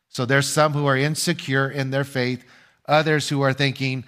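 An older man delivers a sermon from the pulpit at a middle pitch. He preaches earnestly, posing questions to the congregation and pausing before he answers them himself. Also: fairly even intonation, a bit bright. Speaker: pastor.

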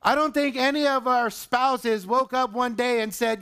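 In a church sanctuary filled with his congregation, a male pastor delivers a sermon at an unhurried pace, his voice extremely high yet clear and resonant. Animated as a storyteller, he performs the quotes and voices of the characters in his tale.

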